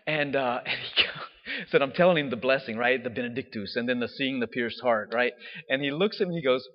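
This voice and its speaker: A man, a diocesan priest, telling a personal story in a chatty, animated way with casual fillers. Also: fairly high pitch, moderate pace. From United States. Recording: dull audio with long hall reverb.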